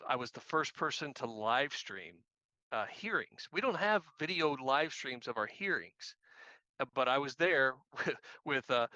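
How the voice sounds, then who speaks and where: A man's voice: mid-range voice, bright, forceful tone, clean tone, dry recording, lo-fi sound. A man, a guest activist trainer, telling casual self-deprecating anecdotes and repeating phrases for emphasis. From Missouri. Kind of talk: casual storytelling.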